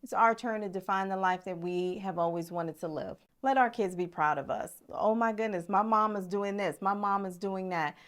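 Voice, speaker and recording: A middle-aged woman coaching her viewers in a motivational vlog. Her voice sits at a medium pitch. She talks in an emphatic, preachy way, with blunt folksy humor, and keeps calling her audience "y'all.". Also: moderate pace, hardly any pauses. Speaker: relationship coach.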